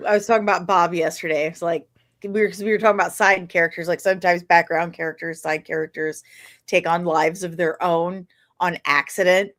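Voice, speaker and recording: A woman hosting a podcast, chatting in a quick, excitable way and laughing often. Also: fairly low pitch. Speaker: podcast host. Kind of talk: casual podcast chat.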